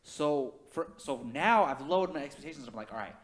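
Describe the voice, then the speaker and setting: Excitable male podcast co-host. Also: a little high, brisk. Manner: excitable, laughs easily. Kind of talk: casual podcast chat.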